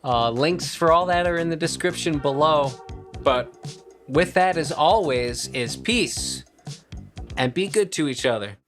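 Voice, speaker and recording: A man giving a casual home-recording tutorial in a relaxed, chatty way with friendly asides, speaking into a studio microphone. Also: fairly high pitch, a little slow, faint music behind.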